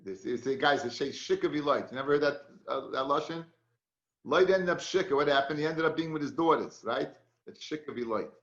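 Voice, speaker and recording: A man teaches a Talmud class in a chatty, storytelling way, mixing Hebrew and Yiddish words into his English. His voice sits fairly high. The recording sounds dull and lo-fi. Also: brisk, a bit bright, roomy sound.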